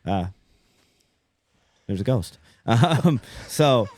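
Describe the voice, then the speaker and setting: A man hosting a podcast in casual chat, laid-back and halting, with many fillers. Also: medium pitch, expressive, darkish tone. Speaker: podcast host.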